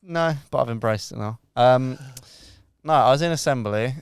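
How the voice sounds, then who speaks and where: Gravelly man telling stories. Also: mid-range voice, moderate pace, no echo. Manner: sweary, self-mocking storyteller. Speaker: podcast co-host. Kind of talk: casual chat.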